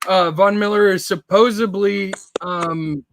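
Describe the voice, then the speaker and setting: Man, podcast co-host, high bright voice, casual questioning sports chat. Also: steady tone, a little slow, a little hiss or hum. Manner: loose and conversational, asks questions.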